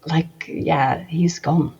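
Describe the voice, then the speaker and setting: Woman game master, low gravelly voice, hesitant delivery full of ums, dull lo-fi recording. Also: steady tone, extremely slow, warm tone. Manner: hesitant, many ums and restarts. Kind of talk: narrating a tabletop game.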